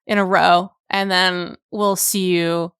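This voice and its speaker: A woman's voice: on the low side, flat delivery, slow, a bit bright, smooth, no room sound, studio quality. A woman co-hosting a film podcast in casual chat, playful and laughing often. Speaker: podcast co-host.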